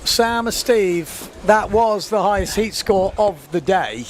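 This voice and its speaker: A man commentating live on a sports event, chatty and quick to laugh. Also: high-pitched, animated. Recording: faint outdoor noise.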